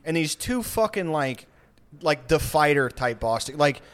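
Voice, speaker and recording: A man chatting casually on a comedy podcast, telling a rambling story with laughs and quick put-on voices. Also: a little high, very animated.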